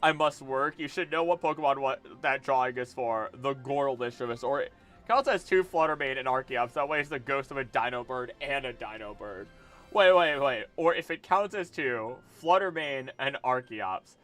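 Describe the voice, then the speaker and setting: Faint music plays behind a mid-range male voice, fairly bright and at normal speed. He is a streamer and voice actor drawing on a livestream, chatting loosely, muttering to himself and occasionally swearing.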